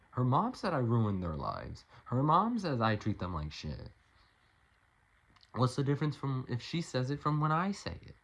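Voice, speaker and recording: A man's voice: fairly low pitch, fairly bright tone, highs cut off. A man vlogging an emotional, rambling personal monologue, often restarting his sentences and swearing when frustrated.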